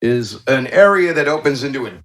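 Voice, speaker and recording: A man's voice: mid-range voice, expressive, fairly quick, fairly bright tone, natural voice. A man voicing a wary male cave-dwelling stranger who gives curt, guarded answers in an echoey room.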